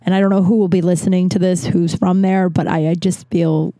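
A woman's voice: on the low side, little pitch movement, a little fast, mellow, dry recording. A young woman hosting a podcast, telling a story in a chatty, filler-heavy way and swearing freely. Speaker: podcast host. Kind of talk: casual storytelling monologue.

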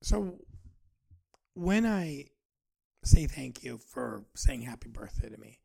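Gravelly, husky man in his forties. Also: mid-range voice, sing-song, darkish tone. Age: 40s. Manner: earnest, halting, restarts often. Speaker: podcast host. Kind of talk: personal reflective monologue.

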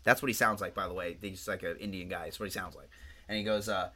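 A man co-hosting a podcast in casual chat, telling stories in a rambling, profane, animated way. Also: low-pitched, quick pace. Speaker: podcast co-host.

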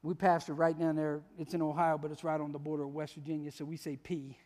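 A man's voice: fairly high pitch, level tone, quick pace, a little mellow, big-room sound. A man preaching a sermon as pastor, talking conversationally and often asking the congregation questions. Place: church sanctuary.

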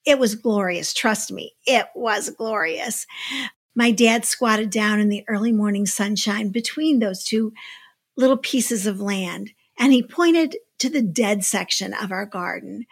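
A woman giving a devotional talk, telling a personal story in an expressive, emphatic way. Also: medium pitch, unhurried, vocal fry, slightly rough. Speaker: devotional speaker. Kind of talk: sermon storytelling.

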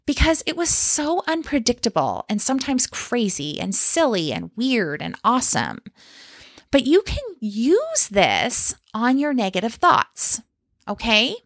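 A woman's voice: on the high side, huge pitch swings, measured pace, dry recording, studio quality. A woman life coach talking straight to listeners on her solo podcast, direct and encouraging, often checking in with "okay?" and "right?". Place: lives in Canada.

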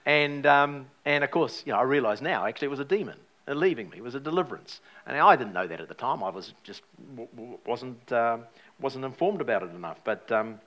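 A man preaching to a church and telling a personal story with lively changes of voice. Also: mid-range voice, quick pace, muffled recording. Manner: animated storytelling, acts out his own past words. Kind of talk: sermon testimony.

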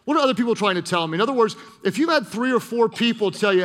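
A male pastor preaches with a high, bright voice, acting out the voices of the people in his stories. His words ring out with long reverb through a large church hall. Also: quick pace, hardly any pauses. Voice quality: animated storytelling with acted-out voices. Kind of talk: sermon.

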